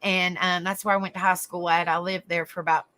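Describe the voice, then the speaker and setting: Young Southern woman, livestream host, sweet and chatty, clear bright tone. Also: fairly low pitch, level tone, a little fast. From South Carolina, raised in Tennessee. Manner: chatty, endearing terms like honey and darling, frequent restarts. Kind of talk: casual live chat with viewers.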